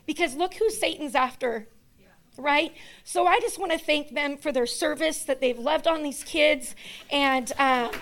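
A pastor's wife making chatty announcements and thank-yous to the congregation in a church hall. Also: female voice, high voice, vocal fry, fairly bright tone.

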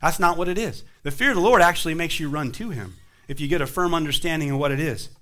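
A man delivering a church sermon in a high-pitched voice with a bright, forceful edge. He preaches with emphatic rises on key words and falls back to quiet, low endings. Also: fast. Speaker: pastor.

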